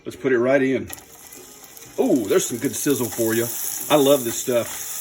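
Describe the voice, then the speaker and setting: A man's voice: medium pitch, moderate pace, a little mellow, a little hiss or hum. A man hosting his own cooking video, chatting upbeat and joking as he cooks at the stove. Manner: upbeat, jokey, chatty asides. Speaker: cooking show host. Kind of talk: casual cooking demonstration.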